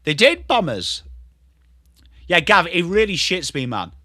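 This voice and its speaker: A high-pitched young Englishman with a bright, forceful tone calls the footy live on his stream. He flips between rapid play-by-play and loose, sweary chat with viewers, all recorded close and dry. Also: huge pitch swings, no room sound. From England. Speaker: livestream host. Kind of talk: live football watchalong commentary.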